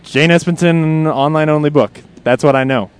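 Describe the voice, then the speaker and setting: A man's voice: a little high, moderate pace, clear, resonant tone. A man hosting a podcast interview, reacting briefly and asking easygoing questions. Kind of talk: casual interview.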